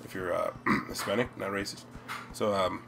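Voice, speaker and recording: A young American man with an American accent, chatting and rambling while playing a video game, breaking into loud yelps. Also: low voice, fairly even intonation, moderate pace, vocal fry, noisy background. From United States. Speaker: let's play gamer. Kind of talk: game commentary.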